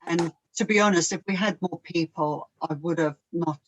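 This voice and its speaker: A woman talking casually as a guest, chatty and quick to laugh. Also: lowish voice, lo-fi sound, a little hiss or hum. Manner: chatty, laughs often, mimics others. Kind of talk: casual conversation.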